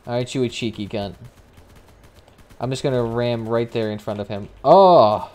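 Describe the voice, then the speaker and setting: A young man streaming a vehicle combat game, chatting casually with swearing and sudden excited outbursts as he plays. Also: mid-range voice, normal speed. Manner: casual, profane, excitable reactions. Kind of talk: live gameplay commentary.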